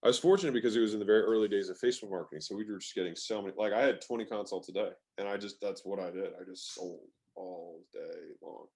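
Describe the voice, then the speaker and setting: A man's voice: lowish voice, fast talker, hardly any pauses, darkish tone. A man speaking as an interview guest in a casual, emphatic way, swearing now and then and using lots of "like" fillers. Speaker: guest, sales expert.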